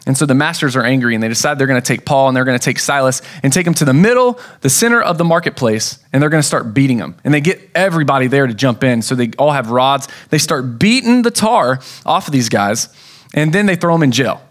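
A man's voice: mid-range voice, lively intonation, fast. A man preaching a sermon as pastor, telling a story in a casual way with acted-out quotes.

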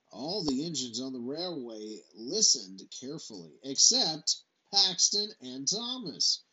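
Bright-voiced dad reading slowly, lo-fi. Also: male voice, mid-range voice, breathy edge. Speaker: father reading to his son. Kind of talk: bedtime storybook reading.

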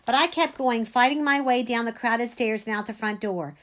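Woman, story reading, first-person, expressive, fairly high voice. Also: moderate pace. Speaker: reader.

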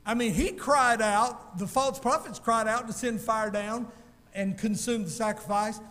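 A male pastor preaching a sermon in a folksy, animated storytelling way, calling out to his congregation. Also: sits high, a little slow, big-room sound.

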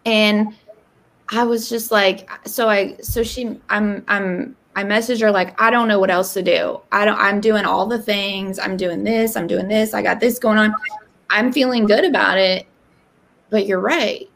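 A woman in her thirties telling a candid personal story in casual conversation, acting out quoted lines. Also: measured pace. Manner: animated, acts out quoted dialogue with rising pitch. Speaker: podcast guest.

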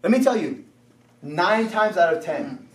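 This young pastor preaches with a high, lively voice that leaps and falls as he acts out little conversations. He is heard from some distance in an echoey church room. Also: unhurried. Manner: animated, exclaiming, acts out conversations. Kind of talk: sermon.

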